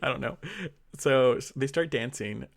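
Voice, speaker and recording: A man's voice: mid-range voice, normal speed, gravelly. A man co-hosting a podcast, casually recapping a story with laughter and acting out the characters' lines. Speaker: podcast co-host.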